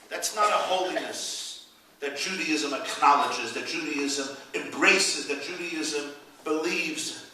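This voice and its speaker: High-voiced male rabbi, animated preacher, far off in a reverberant hall. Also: a little slow. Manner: animated, rising to loud peaks, Yiddish phrases. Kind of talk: inspirational speech with storytelling. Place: event hall. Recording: echoey hall, speaker far from the mic.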